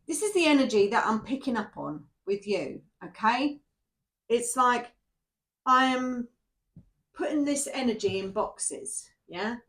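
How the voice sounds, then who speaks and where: A woman talks her viewers through a tarot spread in a loose, rambling way, her voice sitting a little high. She keeps checking in with "yeah?" and "okay?" as she goes. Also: fairly bright tone. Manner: chatty and rambling, often asking "yeah?". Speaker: tarot reader. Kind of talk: casual spoken tarot reading to camera.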